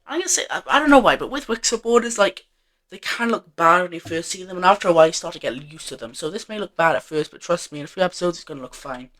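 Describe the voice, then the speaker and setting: A man's voice: high-pitched, lively intonation, fast talker, sharp tone. Rambling young man narrating maps. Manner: rambling, offhand, many fillers and self-corrections. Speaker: map video narrator. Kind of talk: casual alternate-history map narration.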